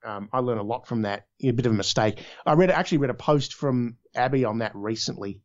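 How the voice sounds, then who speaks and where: Animated Australian man, slightly dull sound. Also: medium pitch, brisk. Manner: animated storytelling, voices in quotes. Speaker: voice actor. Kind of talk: casual conversation.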